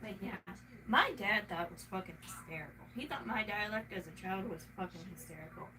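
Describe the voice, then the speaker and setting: A woman's voice: medium pitch, lively intonation, brisk. Rambling, swearing woman with a Southern twang. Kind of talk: casual chat. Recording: noisy room, mic at a distance.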